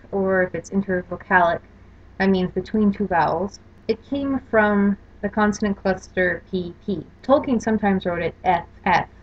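Woman lecturing over slides, lo-fi. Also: medium pitch. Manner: explanatory, careful spelling-out of examples. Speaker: language course lecturer. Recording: dull lo-fi recording.

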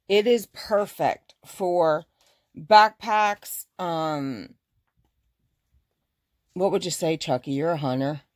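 Gushing, chatty woman, a fabric shop owner, showing her stock in a relaxed live showcase. Her voice sits a little low. The sound is dry and close, and she stops to correct herself as she goes. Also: dry recording. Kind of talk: casual live product showcase.

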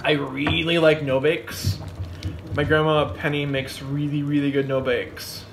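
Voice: medium pitch, measured pace, vocal fry, slight background noise. A friend joining a home baking video, chatting playfully and joking around. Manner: playful, jokey, animated. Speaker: friend and guest. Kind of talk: casual chat.

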